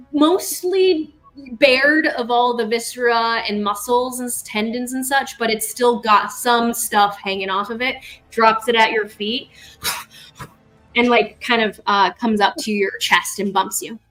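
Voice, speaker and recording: A woman's voice: a little high, slow, fairly bright tone, faint music behind, poor audio. A woman narrating as game master of a tabletop game, rambling, correcting herself and adding sound effects.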